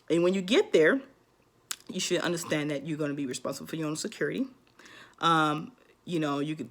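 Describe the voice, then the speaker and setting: A woman's voice: sits low, fairly bright tone. A woman talking casually to her vlog audience, giving advice in a rambling way with lots of ums and restarts. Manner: rambling, many fillers and restarts. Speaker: vlogger.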